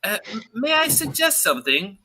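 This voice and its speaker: A man's voice: high voice, very animated, normal speed, sharp tone, pitched above the performer's own voice, full character voice. A man voicing a nervous, stammering male dwarf in a tavern in a fantasy tabletop game. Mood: incredulous. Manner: stammering, incredulous.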